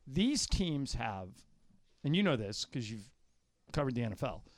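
A man's voice: medium pitch, sing-song, unhurried, no echo. A man hosting a sports radio show, leading segments in a casual conversational way.

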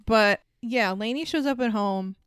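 A woman co-hosting a podcast, retelling a movie's plot in loose, chatty fashion and dropping curse words between laughs. Her voice sits a little high and sounds clean and smooth. The sound is close and dry. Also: a little slow, no room sound. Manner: laughing, profane, animated retelling. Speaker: podcast co-host. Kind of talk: casual movie recap chat.

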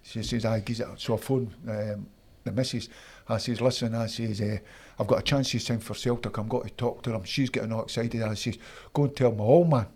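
Scottish ex-footballer telling stories. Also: male voice, mid-range voice, brisk. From Scotland. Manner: animated anecdotes, acts out quoted voices. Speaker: interview guest, former footballer. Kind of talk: storytelling in casual interview.

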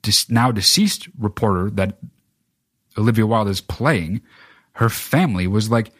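A man with a low, husky voice rants about films on a solo podcast. He swears freely and rambles, leaning on filler words as he goes. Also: animated, unhurried, dry recording, clean studio sound. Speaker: podcast host. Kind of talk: casual solo film rant.

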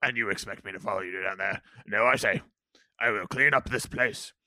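A man's voice: on the low side, fairly quick, sharp tone, no room sound. A man voicing a stubborn, grumbling male tavern keeper in a tabletop game. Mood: defiant.

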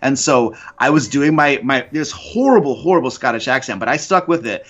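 A man's voice: mid-range voice, lively intonation, a little fast, lo-fi sound. A man who makes videos and runs tabletop games, chatting casually as a podcast guest with lots of fillers and rambling asides. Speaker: guest, YouTuber and game master.

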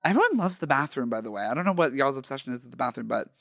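A woman hosting a podcast, chatting casually and joking with quick laughs. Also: extremely low pitch, very animated, gravelly, no room sound, clean studio sound. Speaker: podcast host. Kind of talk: casual chat.

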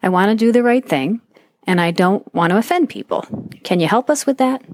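A woman's voice: medium pitch, lively intonation, a little fast, dry recording. A middle-aged woman from New Hampshire leaving a voice note for a podcast, earnest and a little self-deprecating as she asks her question. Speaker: listener sending a voice note. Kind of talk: recorded voice message.

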